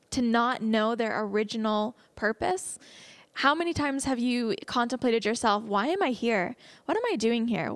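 A woman's voice: on the high side, dry recording. Earnest young woman preaching casually. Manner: earnest and conversational, slips into excited laughs. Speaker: speaker teaching a Bible message. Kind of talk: casual sermon.

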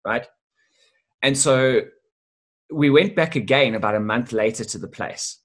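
A man as an interview guest, telling a sales story in a lively, animated way with casual swearing. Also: mid-range voice, measured pace. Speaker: guest, sales business owner.

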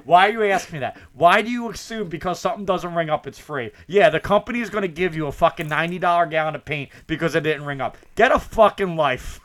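A man, co-hosting a podcast in casual, profane chat, animated as he mocks people. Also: a little high, quick pace, hardly any pauses. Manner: profane, animated, mocks customers in put-on voices. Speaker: podcast co-host.

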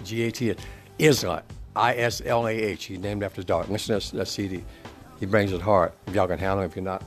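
A middle-aged man giving a casual, profane rant as a podcast host, swearing constantly and getting worked up. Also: mid-range voice. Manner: swears constantly, ranting and animated.

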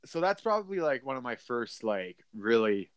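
A young man tells a story, looping back on himself with fillers and laughter. His voice sits at a middling pitch. He is recorded close and dry. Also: sing-song, moderate pace, clean tone, no echo. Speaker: podcast co-host. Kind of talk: casual chat.

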